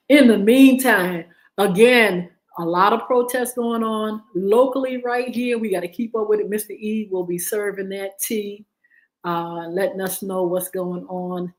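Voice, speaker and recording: A woman's voice: medium pitch, rough recording. Preachy woman radio show host. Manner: preachy and exhortative, with repetition. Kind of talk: talk radio monologue.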